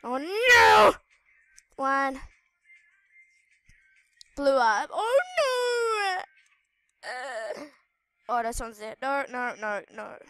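Female gaming host, very high and unhurried voice, excitable and shrieky while narrating play to viewers. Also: soft background music. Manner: excitable, squealing and shrieking at in-game danger; chatty asides to viewers. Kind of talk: live gameplay commentary.

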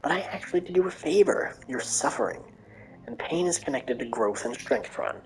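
A woman voicing a scheming old male asylum doctor who speaks in a calm, smug, condescending manner. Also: rumbling low, a little fast, crowd noise, poor audio. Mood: cold.

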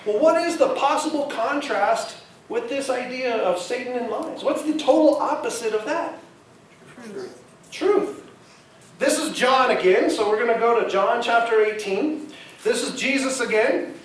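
A man's voice: very high-pitched, unhurried, slight background noise. A man preaching a sermon as pastor, talking conversationally and asking the congregation questions. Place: church sanctuary. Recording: echoey church hall, mic at a distance.

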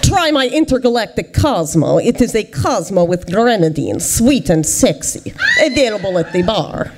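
A woman's voice: medium pitch, sing-song, normal speed, crowd noise, noisy background. A woman on stage giving a hammy, pompous mock speech as a contestant. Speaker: storytelling contestant.

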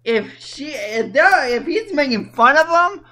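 A high-pitched woman hosts an amateur internet radio show. She talks casually and teases a rival, often stumbling and restarting her words. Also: very animated, measured pace, sharp tone.

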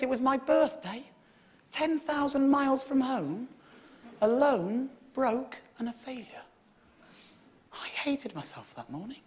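A man in his thirties from England doing stand-up in a theatre, telling a story and shouting and swearing at the audience. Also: extremely high pitch. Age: 30s. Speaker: stand-up comedian. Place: theatre stage with a live audience. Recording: live theatre recording with audience and background noise.

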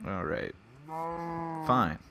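A man's voice: low-pitched, expressive, very slow, creaky, noisy background. A man giving casual let's play commentary, chatting to the animals in his game with mock-angry outbursts. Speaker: gamer.

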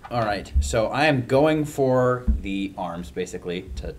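Lively-voiced male tabletop player. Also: lowish voice, a little slow, a little hiss or hum. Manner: thinks aloud about rules and moves. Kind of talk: casual tabletop play.

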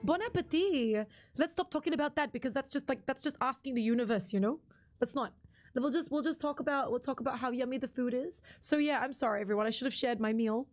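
A young woman chats casually with her live-stream audience, laughing often and thanking viewers by name. Her voice sits high and bright in pitch. Faint game music plays softly behind her. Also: fast talker. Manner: chatty, giggly, reads chat names aloud.

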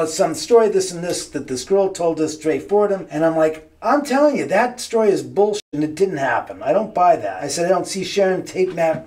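A man tells a long dramatic story with lots of energy. His voice sits fairly high for a man. He acts out the people he quotes and swears freely. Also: a little mellow, a little hiss or hum. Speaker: homeowner telling a story. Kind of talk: animated storytelling.

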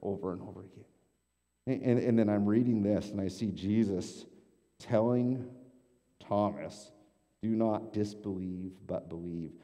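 A man's voice: lowish voice, warm tone. A male pastor preaching a casual, conversational sermon in a church sanctuary, often repeating words as he thinks. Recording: long church hall reverb.

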